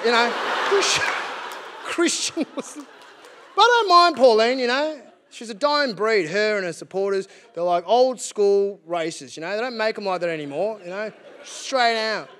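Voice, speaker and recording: An Australian man performing a stand-up comedy set to a live theatre audience, lively and mocking, slipping in and out of voices. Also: sits high, moderate pace. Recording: live theatre set with faint background noise.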